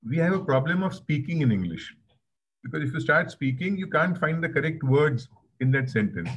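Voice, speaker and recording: A man's voice: a little high, animated, moderate pace, a little hiss or hum, rough recording. A man with an Indian accent giving a conversational webinar talk, anecdotal and repeating phrases for emphasis, over a video call. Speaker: webinar guest speaker.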